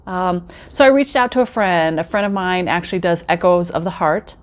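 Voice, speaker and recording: A woman's voice: fairly low pitch, normal speed. Chatty woman telling her story. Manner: chatty, addresses viewers directly, acts out quoted remarks. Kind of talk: casual personal storytelling.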